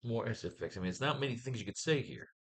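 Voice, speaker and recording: A man's voice: mid-range voice, lively intonation, fast, fairly bright tone, husky. A man running a casual comics writing class, thinking aloud and testing lines of dialogue, swearing freely and muttering to himself.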